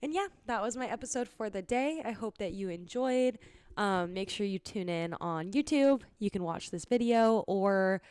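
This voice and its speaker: A woman's voice: medium pitch, animated, normal speed, darkish tone, clear, resonant tone, dry recording. A young woman hosting a solo podcast, talking casually and earnestly and laughing often. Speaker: podcast host.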